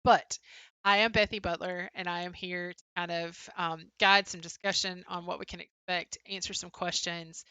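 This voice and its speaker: Young woman, stream co-host, bright, close dry sound, casual chat-reading, lots of "um". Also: fairly low pitch, fairly even intonation, moderate pace, smooth, dry recording. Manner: chatty, answers chat names, frequent "um" fillers. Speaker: livestream co-host. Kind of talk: casual livestream chat, reading viewer comments.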